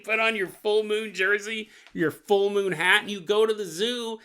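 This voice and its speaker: A man's voice: sits high, normal speed, few pauses, sharp tone, smooth. A man hosting a paranormal podcast, riffing comically and laughing often as he acts out little scenes. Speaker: podcast host. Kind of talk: comedic riffing monologue.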